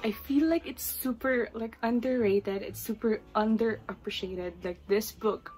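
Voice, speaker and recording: A young Filipino woman in her twenties talks straight to the camera in a casual, gushing way, emotional and at times teary. Her pitch sits in a middle range for a woman. Soft music plays faintly behind her. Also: low-quality recording. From Philippines. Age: 20s. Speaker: book vlogger. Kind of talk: casual chat.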